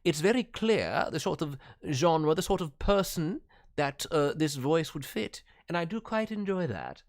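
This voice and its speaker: A man's voice: on the high side, animated, a little slow, gravelly. Brief: a casual male streamer giving friendly, rambling critiques of voice acting demos. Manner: friendly, critiques with hesitant restarts, lapses into slang. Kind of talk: casual feedback commentary.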